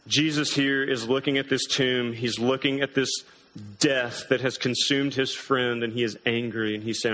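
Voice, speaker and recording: A man preaching a sermon as pastor, earnest and emphatic, slowing down hard to stress key words. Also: mid-range voice, fairly even intonation, sharp tone, low-quality recording.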